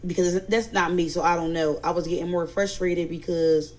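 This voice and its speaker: A woman's voice: lowish voice, steady tone, moderate pace, darkish tone, low-quality recording. A woman with a Philadelphia accent telling a family story in a casual storytime, animatedly quoting others and growing indignant. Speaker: storyteller recounting family drama.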